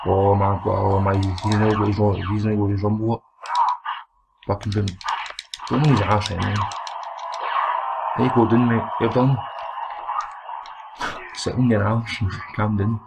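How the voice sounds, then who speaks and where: A Scottish man giving excited, foul-mouthed let's play commentary, trash-talking the game as he plays. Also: fairly low pitch, measured pace, creaky, pauses often. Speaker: gaming commentator. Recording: noisy home recording.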